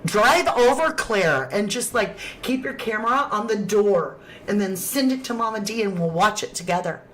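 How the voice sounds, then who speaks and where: A woman's voice: mid-range voice, expressive, moderate pace, fairly bright tone, slight background noise. A woman hosting a true crime livestream, reading viewer chat aloud in a casual, affectionate way. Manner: affectionate, calls viewers sweetheart and lovelies.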